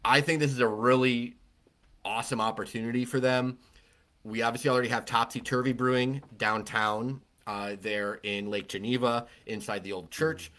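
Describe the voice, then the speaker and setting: A man's voice: mid-range voice, fairly even intonation, normal speed, fairly bright tone. A man co-hosting a casual beer podcast, talking in a rambling, conversational way with frequent restarts. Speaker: podcast co-host. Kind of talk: casual chat.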